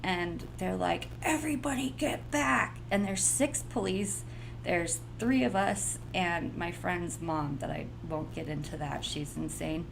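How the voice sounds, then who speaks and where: Gravelly woman telling a story. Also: lowish voice, a little slow, background noise. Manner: animated, blunt. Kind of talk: casual storytelling.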